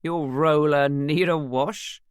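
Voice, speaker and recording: A woman's voice: low-pitched, steady tone, slow pace, smooth, dry recording, clean studio sound. A woman voicing a cheeky, hungover young man who mocks everyone with slurred, jeering mimicry, in a storybook reading. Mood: mocking.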